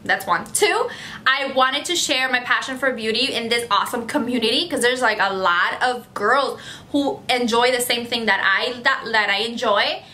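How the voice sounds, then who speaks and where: A woman's voice: fairly high pitch, moderate pace, sharp tone. A woman beauty vlogger chatting casually to camera, effusive and gushing, often repeating herself. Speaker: beauty vlogger answering fan questions.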